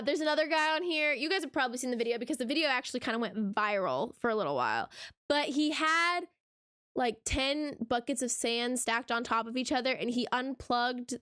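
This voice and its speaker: A woman's voice: a little high, a bit bright, smooth, dry recording, clean studio sound. A young woman hosting a reaction channel, ranting casually to camera in a sarcastic, exasperated way, full of rhetorical questions.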